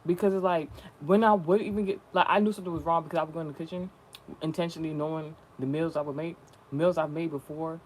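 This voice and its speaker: A young man talks straight to his viewers in a loose, rambling vlog manner. He peppers his slangy talk with swearing and runs on from one thought to the next. His voice sits a bit high, with a faint hiss behind it. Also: steady tone, quick pace, a little mellow. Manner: profane, slangy, chatty and rambling. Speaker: spiritual content creator.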